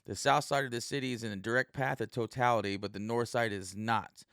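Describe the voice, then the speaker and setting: A man's voice: mid-range voice, steady tone, brisk, fairly bright tone, no room sound, clean studio sound. A man hosting his own podcast, a stand-up comic rambling casually and profanely with lots of fillers. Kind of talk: casual solo podcast monologue.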